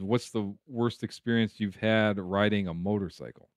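A man with a lowish, smooth, resonant voice hosts a live stream and talks with a guest in a casual, friendly way. The sound is dry and close. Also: steady tone, normal speed, no room sound. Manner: casual, friendly, reads the chat aloud.

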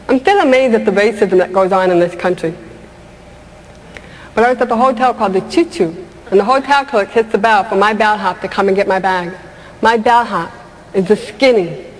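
A woman doing stand-up comedy, telling stories in a lively way and asking the audience questions. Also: mid-range voice, long reverb tail. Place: stage before a live audience. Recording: live stage with audience laughter and noise.

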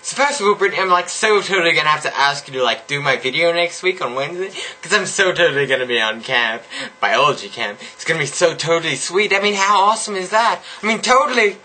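A bubbly, ditzy valley girl, as a young man puts her on, gushes in a high, piercingly bright voice with airy stretched vowels. The put-on California accent bounces along. It is a comic vlog impression. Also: expressive, quick pace, low-quality recording. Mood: gushing.

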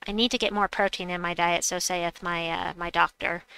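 A woman's voice: on the low side, steady tone, brisk, creaky, bright, forceful tone, clear, resonant tone, no room sound. A woman hosting a casual gaming livestream, chatty and playful, reading chat aloud and making silly noises. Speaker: livestream host.

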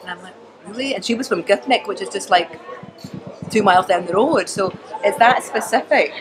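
Glaswegian woman, lively storyteller. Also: medium pitch, normal speed, background noise. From Scotland. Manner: animated storyteller, acts out quoted voices. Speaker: comedian guest. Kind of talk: casual chat.

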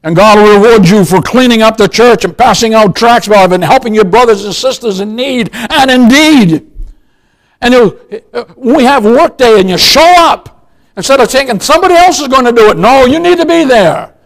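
A man's voice: very high voice, moderate pace, rough recording. An older man preaching a sermon as pastor, emphatic, often calling his listeners "beloved" and asking them questions. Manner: emphatic, repeats "beloved", asks the congregation questions.

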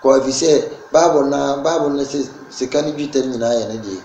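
A man speaking as a guest in a casual interview, his voice rising and getting louder when he presses a point. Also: medium pitch, a little fast. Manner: emphatic, rising and loud when making points. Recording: echoey room with faint background noise.

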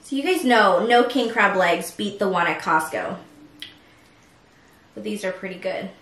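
A woman's voice: mid-range voice, animated, measured pace, fairly bright tone, far from the mic. A woman hosting a mukbang, chatting casually at home between bites and laughing often. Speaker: mukbang host. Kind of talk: casual chat while eating. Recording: roomy echo from off-mic.

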